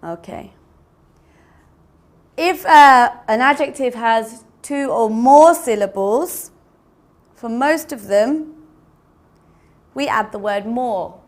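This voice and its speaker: A woman's voice: a little high, slow, pauses often. A woman teaching English grammar, explaining patiently, repeating words and spelling out endings letter by letter. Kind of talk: slow classroom explanation.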